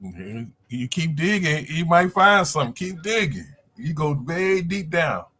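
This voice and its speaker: A man's voice: on the high side, big pitch swings, measured pace, sharp tone, husky. A man chiming in on a casual live-stream chat, laid-back and teasing.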